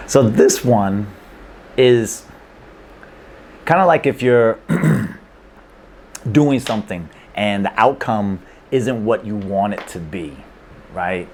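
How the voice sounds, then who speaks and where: A man with a fairly low voice teaches in a relaxed, conversational way, often stopping to check in with a quick "okay?" or "right?". His tone stays playful and easygoing, with a faint hiss of background noise. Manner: checks in with frequent 'okay?' and 'right?'; laid-back, playful. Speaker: language teacher. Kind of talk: casual explainer lesson.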